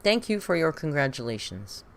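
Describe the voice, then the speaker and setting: A British woman streaming a reaction, her voice rising and falling in lively swings. She gossips, wonders aloud and breaks into laughs as she goes. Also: low voice, moderate pace, gravelly. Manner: chatty and gossipy, laughs often, muses aloud. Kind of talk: casual commentary on video clips.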